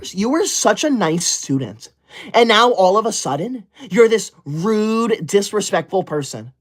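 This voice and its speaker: On a livestream, a male host with a high, slightly bright voice reads out super chats. He answers them with theatrical, over-the-top gratitude and mock outrage, thanking donors again and again in a hype style.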